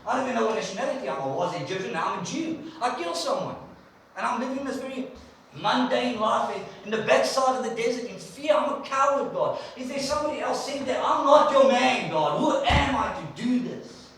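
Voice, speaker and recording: A man's voice: medium pitch, animated, quick pace, slight background noise, close to an everyday voice. A man preacher voicing a reluctant shepherd who protests and makes excuses to God. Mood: pleading. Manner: protesting, self-pitying, blurting excuses. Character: reluctant, panicky middle-aged male shepherd. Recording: echoey church from a distant mic.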